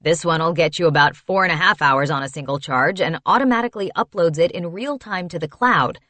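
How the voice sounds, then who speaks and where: A woman's voice: fairly low pitch, fairly quick, sharp tone, dry recording. A woman voicing a cheery, nerdy young male salesman who talks eagerly about gadgets. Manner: eager, knowledgeable sales patter.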